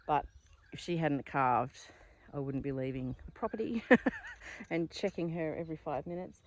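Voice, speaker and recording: A woman's voice: low voice, normal speed, highs cut off. A woman, a flower farmer, chatting casually to camera as she walks outdoors through a paddock, thinking aloud and rambling. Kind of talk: casual vlog narration.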